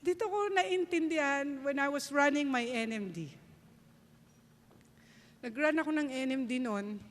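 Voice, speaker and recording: A woman's voice: high-pitched, moderate pace. A woman with a Filipino accent giving an emphatic motivational speech on stage, switching between Tagalog and English. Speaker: network marketing leader giving a keynote. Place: large event hall, on stage. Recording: long reverb of a large event hall.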